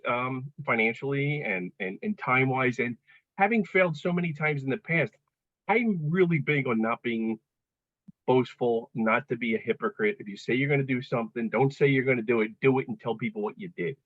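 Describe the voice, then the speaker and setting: A man's voice: mid-range voice, moderate pace, no echo. A man in his fifties, a guest on a podcast, telling stories in a chatty way with self-deprecating humor and many restarts. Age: 50s. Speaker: guest, coaching client. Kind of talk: casual podcast conversation. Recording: slightly dull, dry sound.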